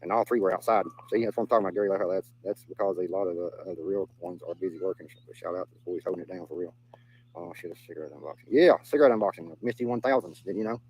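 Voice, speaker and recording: Man, Southern US accent, rapid delivery, casual livestream chat, blunt and cussing, repeats phrases. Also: sits low, a little mellow, slightly rough, low-quality recording. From Southern United States. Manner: blunt, profane, repeats himself.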